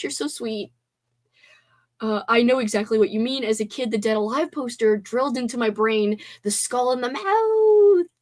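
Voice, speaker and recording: A young woman hosting a livestream, bubbly and giggly as she chats with viewers, still tired after a sleepover. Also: a little high. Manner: bubbly, giggly, reacts to chat. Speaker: livestream host. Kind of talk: casual livestream chat.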